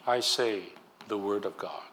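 A man's voice: on the low side, a little slow, a bit bright, a little hiss or hum. A man preaching a sermon as a minister, emphatic, with frequent restarts.

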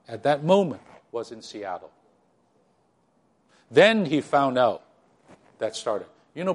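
An older man speaks to his congregation in a rambling, conversational manner. He trails off, restarts and turns to his listeners with questions. His voice sits at an ordinary pitch for a man. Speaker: church speaker. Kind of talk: sermon-style recollection.

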